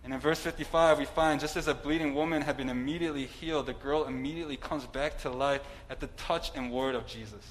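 A man's voice: medium pitch, steady tone, fast, few pauses, poor audio. A man preaching a sermon in a conversational way, with asides and some humor.

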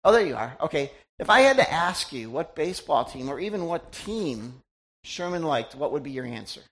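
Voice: medium pitch, big pitch swings, normal speed, a bit bright. A middle-aged pastor giving a conversational sermon, chatty and teasing, often quizzing the congregation.

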